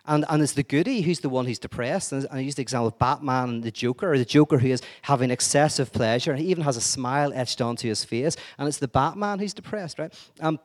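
A man giving an energetic, digressive lecture-style talk, full of wry asides and restarts. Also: mid-range voice, quick pace, few pauses.

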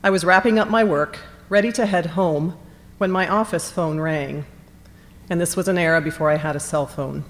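A middle-aged woman professor telling a prepared personal testimony in a measured, composed way. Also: on the low side, long reverb tail. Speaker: education professor.

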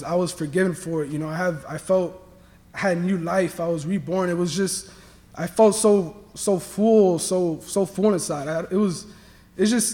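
Young man, high-pitched voice, earnest halting testimony, long hall reverb. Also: darkish tone. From Miami, Florida. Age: young adult. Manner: earnest, halting, many restarts and fillers. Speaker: student athlete sharing testimony. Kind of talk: personal faith testimony.

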